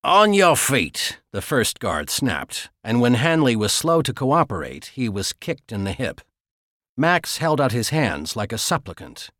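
Male narrator, scripted narration, animated pitch, dry close studio sound. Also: no room sound. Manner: steady, measured storytelling. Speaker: audiobook narrator.

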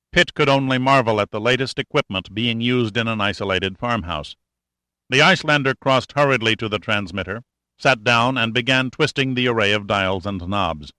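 A man narrating an adventure novel as an audiobook, in a steady, measured reading. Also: lowish voice, dry recording.

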